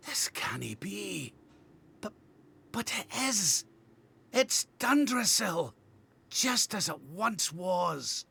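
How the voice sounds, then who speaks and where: Gravelly old Scottish king Rab. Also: high-pitched, sing-song, extremely slow, pauses often, pushed and bright, pitched above the performer's own voice, exaggerated voice. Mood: bewildered. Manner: wheedling, then stammering in disbelief. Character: old male Scottish king, cheeky and bewildered.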